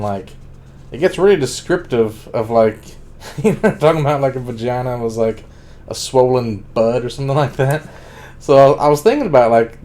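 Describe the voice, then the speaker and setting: A man's voice: medium pitch, a little mellow. A man streaming a casual, rambling monologue about books, full of "like" and blunt profane asides.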